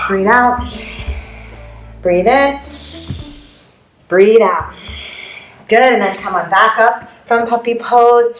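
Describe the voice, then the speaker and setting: A woman's voice: a little high, reverberant. A woman teaching a family yoga class, upbeat and playful, making animal sounds as she guides poses.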